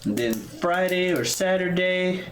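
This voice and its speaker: A man's voice: high voice, lively intonation, measured pace. A man co-hosting a podcast in casual chat, jokey and boastful, swearing freely. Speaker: podcast co-host. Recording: echoey room.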